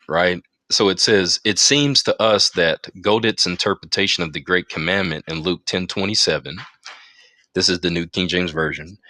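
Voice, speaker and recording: His voice sits low and comes across pushed and bright, with clean studio sound and no echo. Using a phone in an audio chat room, the man leads a Bible study, alternating between reading passages aloud and making emphatic asides to his listeners.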